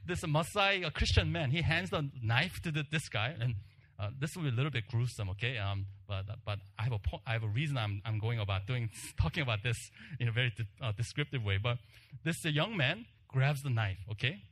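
This male preacher, pitched in the middle range and talking fairly fast, recounts a personal story with animation. He mimics the shouting crowd, then lowers his voice to a near whisper to drive a point home.

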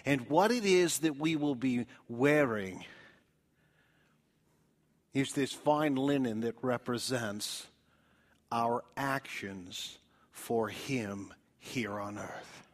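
A man preaching a sermon, calling his listeners friends and swinging between loud emphatic lines and soft, quiet drops. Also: medium pitch, takes it slowly, pauses often. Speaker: pastor.

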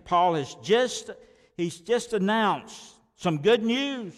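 A man delivers a sermon from the pulpit, his voice sitting a little high for a man. He drives points home with repeated words, rising to loud declarations and dropping to soft asides. The sound rings out in a church hall with a long reverb. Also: sing-song, slow pace. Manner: emphatic preaching with repeated words and sharp swings in volume. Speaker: pastor.

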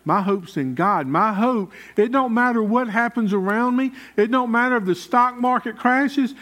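Pastor guy preaching, folksy and chatty, kinda high voice. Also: normal speed, hardly any pauses, a bit bright. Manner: folksy, conversational preaching with Southern grammar. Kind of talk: sermon.

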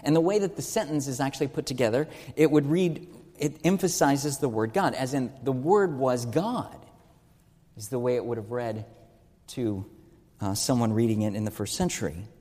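A man's voice: medium pitch, a little fast, dark tone. Man preaching a sermon in a hall. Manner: earnest teaching tone, rhetorical questions, stresses key words.

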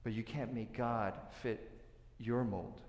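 Earnest preacher in an echoey hall. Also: male voice, medium pitch, steady tone, takes it slowly. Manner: earnest, swings between soft asides and loud emphatic points. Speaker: pastor. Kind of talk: sermon. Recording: echoey hall with long reverb.

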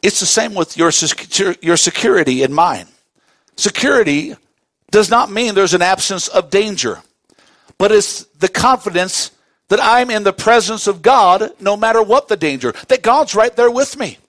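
A male pastor preaches with a fairly high voice. He stretches key words slowly and swings from quiet intensity to loud emphasis, heard close and dry. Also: animated, dry recording. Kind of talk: sermon.

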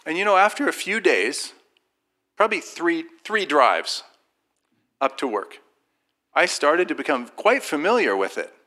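Brief: man, bright, forceful voice, informal faith testimony, lively storyteller who mimics others. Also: fairly high pitch, unhurried, long pauses. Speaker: Christian speaker sharing a personal testimony.

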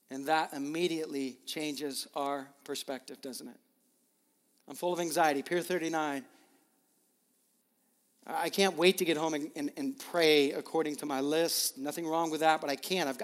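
A middle-aged man preaching a sermon as pastor, earnest and emotional, often repeating his words. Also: on the high side. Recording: reverberant hall.

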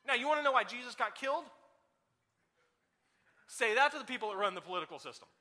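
A man preaches a sermon with energy and a chatty, questioning delivery. His voice sits high and sounds piercingly bright. The recording carries the long reverb of a church hall. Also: fast. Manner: energetic, conversational with rhetorical questions. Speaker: guest preacher.

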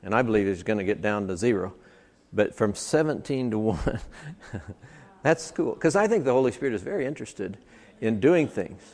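A man's voice: fairly low pitch, lively intonation, normal speed, a little mellow. A man preaching a sermon at a church service, emphatic and building points through stacked, repeated phrases. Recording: long hall reverb.

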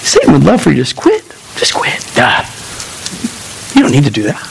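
A man pastor preaching a sermon in a lively storytelling way, acting out voices and making quick asides. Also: a little high, vocal fry, slight background noise, low-quality recording.

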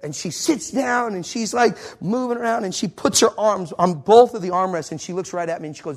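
A middle-aged male minister telling a story in a sermon, swinging from shouts down to whispers. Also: sits high, brisk, hardly any pauses. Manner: animated storyteller, shouts at peaks, drops to a whisper.

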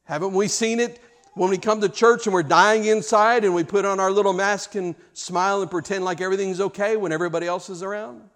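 A pastor tells stories in his sermon, restarting phrases, repeating words and posing rhetorical questions. His high, fairly bright voice stays steady in tone and moves a little fast.

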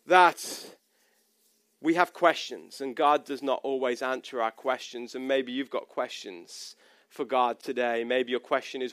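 A man's voice: medium pitch, unhurried, smooth, no echo, clean studio sound. A pastor in his thirties preaching a personal, conversational sermon, often restarting his sentences.

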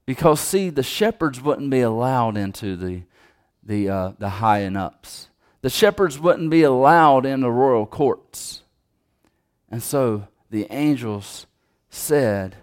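A man's voice: medium pitch, lively intonation, measured pace. A man preaching a sermon in a conversational way, speaking to the congregation with restarts and asides.

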